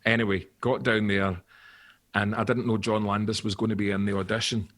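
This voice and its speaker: Husky, animated Scottish man telling stories. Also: on the low side, fairly quick. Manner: animated anecdotes, swearing, acts out quotes. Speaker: actor and musician guest. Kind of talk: podcast storytelling.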